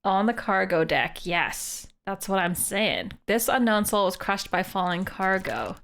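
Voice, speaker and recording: A woman's voice: medium pitch, animated, unhurried, a bit bright. A woman from Canada, a live streamer, thinking aloud and chatting as she plays a mystery game.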